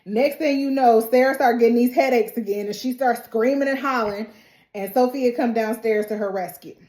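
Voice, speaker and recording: A woman talks through a TV episode in a relaxed, chatty recap. Her voice sits slightly high, and she keeps it lively with sassy side comments and frequent laughs. The room around her gives off a noticeable echo. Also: fairly quick. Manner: animated, sassy asides, laughs often. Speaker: TV recap host. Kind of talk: casual recap and reaction.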